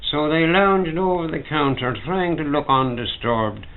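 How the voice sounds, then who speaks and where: A man in his seventies with a Dublin accent reading his own prose in a measured, dramatic way, recorded at home. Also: fairly high pitch, expressive. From Ireland. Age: 70s. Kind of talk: literary reading. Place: private home. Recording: tinny 1950s home recording.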